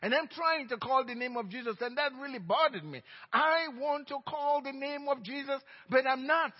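A middle-aged man with a Nigerian accent preaching a sermon as pastor, telling stories emphatically and swinging between loud outbursts and hushed asides. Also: very high voice, normal speed. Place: church sanctuary. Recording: dull reverberant church recording.

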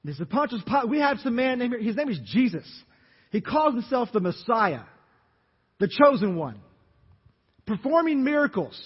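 A man preaching a sermon as pastor, telling the story dramatically and acting out the crowd's shouts. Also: very high voice, very animated, normal speed, long pauses, slightly rough. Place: church sanctuary. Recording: dull reverberant church recording.

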